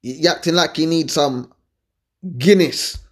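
A young man gives blunt, animated relationship advice in a casual, slangy way, repeating his points. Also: a little high, unhurried. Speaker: advice-giving host.

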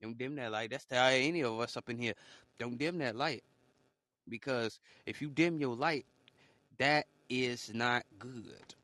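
A man's voice: medium pitch, measured pace, a bit bright, dry recording, clean studio sound. A man giving a preachy motivational monologue on a podcast, repeating his points in loose slangy talk. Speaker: podcast host.

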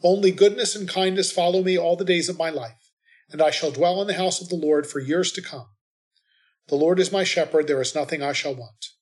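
Man reading scripture at Mass. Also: fairly high pitch. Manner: measured, steady proclaiming.

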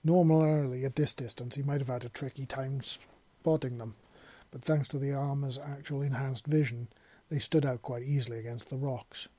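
Brief: male storyteller, dark husky voice, dry close sound. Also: medium pitch, moderate pace, hardly any pauses, dry recording. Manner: plain steady reading with small slips. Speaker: narrator. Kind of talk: reading fan fiction aloud.

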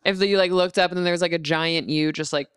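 Woman, comedy podcast co-host, teasing, laughs a lot, crisp voice, dry sound. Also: fairly low pitch, fairly even intonation, fast, no room sound. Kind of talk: casual comedic chat.

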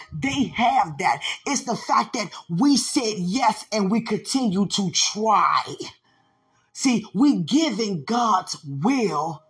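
A woman's voice: medium pitch, breathy edge. A woman preaching a sermon, repeating phrases and building into impassioned pleading. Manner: repetitive, rising into impassioned pleading.

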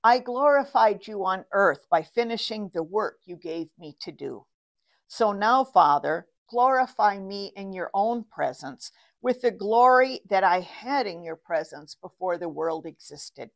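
A woman preacher reading scripture and giving a sermon in a slow, measured way. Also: medium pitch, animated.

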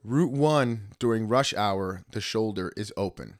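A man's voice: fairly low pitch, unhurried, no room sound, studio quality. A man, casually telling a story on a podcast, acting out quotes and swearing freely. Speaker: podcast co-host.

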